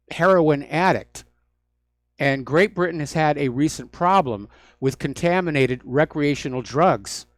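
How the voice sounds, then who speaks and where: A man's voice: a little high, no echo, clean studio sound. A man hosting a talk radio show, delivering solo commentary in a sardonic, mocking manner. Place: radio studio.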